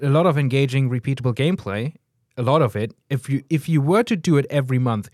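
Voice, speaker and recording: A man co-hosting a podcast, making his case earnestly with halting restarts. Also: mid-range voice, darkish tone, no echo, studio quality. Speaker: podcast co-host. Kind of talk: casual debate chat.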